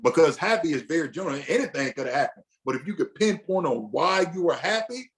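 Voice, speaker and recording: A man with a fairly high voice leads a men's group through a lesson in an easygoing, conversational way. He talks loosely, restarts sentences often, and acts out the inner thoughts a husband might have. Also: expressive, brisk, few pauses, a bit bright. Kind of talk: casual teaching session.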